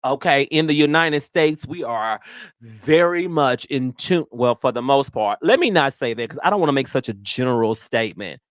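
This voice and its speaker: A woman hosting a podcast, telling stories in casual chat with a profane, animated manner. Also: rumbling low, moderate pace, no echo. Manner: profane, animated storytelling with frequent "girl". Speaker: podcast host.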